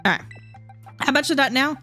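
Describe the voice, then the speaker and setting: A young woman livestreaming a game, chatting casually and thinking out loud in a rambling, easygoing way. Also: high-pitched, a little fast, faint music behind. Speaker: streamer. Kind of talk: casual gameplay chat while livestreaming.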